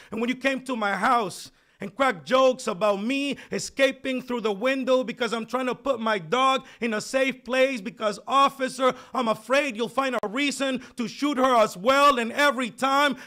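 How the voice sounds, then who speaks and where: A man with a foreign accent performing spoken word poetry at a live open mic, measured at first and growing forceful. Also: extremely high pitch. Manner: measured delivery building to forceful intensity. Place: live event at a community center.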